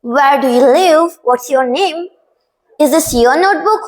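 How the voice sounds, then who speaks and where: A woman's voice: high-pitched, a little slow, rough recording. A young woman explaining an English grammar lesson as a teacher, patient and repeating key words.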